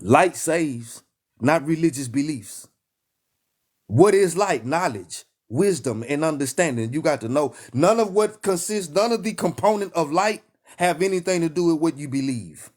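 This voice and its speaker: A man's voice: on the high side, lively intonation, normal speed, darkish tone. A man with a Texan accent preaching with fire in a live stream, emphatic and repetitive, hammering his lines like a call and response. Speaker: online preacher.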